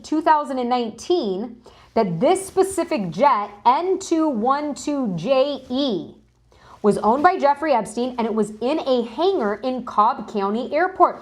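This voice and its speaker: A woman hosting a live news stream, chatting casually and greeting viewers in chat as she talks through documents. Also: high-pitched. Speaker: livestream news host.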